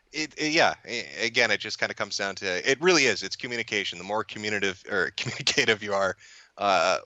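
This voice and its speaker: A man's voice: lowish voice, bright, forceful tone, dry recording. A man in casual chat, talking bluntly and profanely with a sarcastic edge, often laughing mid-sentence. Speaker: podcast guest and commentator.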